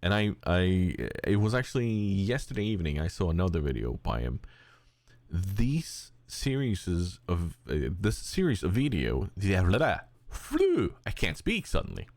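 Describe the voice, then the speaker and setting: Deep gravelly man in lively podcast chat. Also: moderate pace, no echo. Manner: rambling and animated, slips into high cute voices for quotes. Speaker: podcast co-host.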